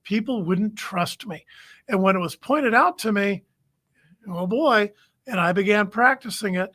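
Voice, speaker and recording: Hosting a recruiting show, a man gives numbered coaching tips directly to the camera, firm and plain-spoken. He has a high voice that's unhurried, pushed and bright, captured as a camera-facing webcast.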